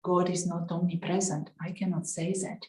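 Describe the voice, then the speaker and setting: A woman voicing a calm, unshakable young woman under twenty who quietly and firmly refuses. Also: on the low side, moderate pace, reverberant, slight background noise, natural voice, poor audio.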